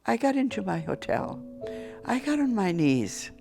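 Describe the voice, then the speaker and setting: A woman recounts her testimony as an interview guest, with a gravelly edge in her mid-pitched voice. She tells it vividly and acts out the people she quotes. Soft music sits faintly behind her. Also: big pitch swings, unhurried. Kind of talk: storytelling testimony.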